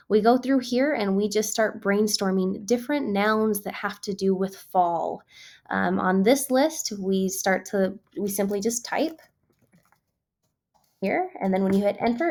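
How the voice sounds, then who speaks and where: A woman teacher narrates a screen-recorded tutorial, explaining each step in a patient, friendly way. Her delivery is relaxed and conversational, dotted with ums as she clicks through. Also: mid-range voice.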